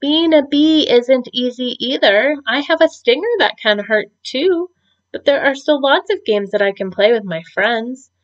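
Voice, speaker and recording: A woman's voice: high voice, lively intonation, unhurried, voice pushed up. A woman voicing a cheerful, friendly young bee in a children's storybook, in a chirpy, upbeat manner. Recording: dull lo-fi recording.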